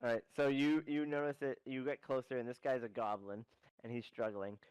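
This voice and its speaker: Man, game master, casual rambling narration, smooth voice, dry close sound. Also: medium pitch, flat delivery, brisk, darkish tone, dry recording, rough recording. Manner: casual, rambling, with filler words.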